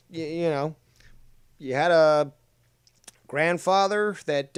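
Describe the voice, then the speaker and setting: A man commenting on clips in a crude, blunt rant, loud at one moment and muttering low asides the next. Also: normal speed, clear, resonant tone. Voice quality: profane and blunt, swings between loud rants and low asides.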